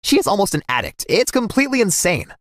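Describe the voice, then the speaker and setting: A man narrating a scripted first-person story in a dramatic, animated way. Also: high voice, quick pace, no echo, studio quality.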